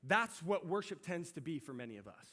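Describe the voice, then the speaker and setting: Male pastor, middle-aged, animated conversational preacher with a high voice. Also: brisk, breathy edge. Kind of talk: sermon.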